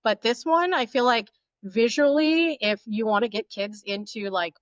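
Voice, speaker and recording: A woman's voice: on the high side, moderate pace, no echo, dull audio. A woman guest on a podcast, talking enthusiastically and at length about a film. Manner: enthusiastic, talkative, laughs easily. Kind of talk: casual chat about a film.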